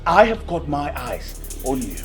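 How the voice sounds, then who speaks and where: Hot-headed Nigerian prince, sneering and accusing, pitch swings widely, film music under. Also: male voice, very animated, measured pace. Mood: angry. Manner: accusing, sneering, shouts at times. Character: hot-headed young prince, resentful of his elder brother. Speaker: actor.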